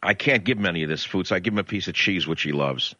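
A male talk radio host tells a grievance in a ranting, indignant rush, his pitch leaping up and down. His voice is bright and forceful. The sound is dry and a little dull, like an old radio broadcast. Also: animated, no room sound. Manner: ranting, indignant, rapid storytelling.

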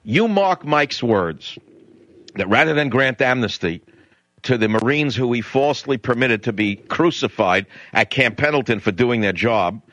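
A middle-aged male talk radio host delivering an indignant, blunt monologue. His voice is bright and forceful. The sound is dry and close, with no room around it. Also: medium pitch, expressive, unhurried, no room sound.

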